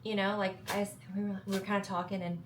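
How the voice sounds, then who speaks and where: A young woman with a Southern US accent chats to her viewers in a casual vlog. She sounds upbeat and playful, laughing at her own reasoning, her voice sitting at a mid pitch. A faint steady hum runs under her. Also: fast talker. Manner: chatty, upbeat, self-joking. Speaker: travel vlogger.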